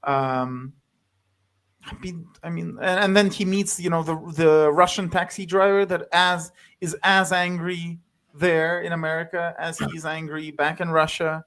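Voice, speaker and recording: Guy rambling about a movie, lots of ums and restarts, pitch jumping around. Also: fairly even intonation, a bit bright, clean tone. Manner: halting, loose, full of fillers and restarts, with sudden pitch jumps. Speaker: guest film commentator. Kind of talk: casual video chat about a film.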